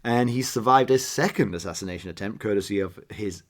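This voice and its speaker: A man's voice: lowish voice, a little fast. A man co-hosting a book podcast in casual chat, rambling and poking fun at himself. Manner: chatty and self-deprecating, rambling asides. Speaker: podcast co-host.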